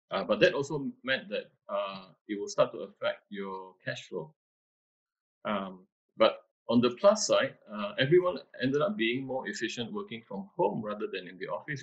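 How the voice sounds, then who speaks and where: A man, an architect answering interview questions over a video call, halting and restarting often. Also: on the low side, animated, breathy edge. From Malaysia. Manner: hesitant, many restarts and fillers. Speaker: architect, panel guest. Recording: muffled video-call audio.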